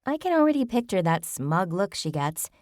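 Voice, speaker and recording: In an audiobook, a woman voices a blunt, scornful, foul-mouthed woman among friends, pitching slightly above her own voice but close to an everyday tone. The delivery is medium-pitched, very animated, a little mellow and at a moderate pace, in a dry, studio-quality recording.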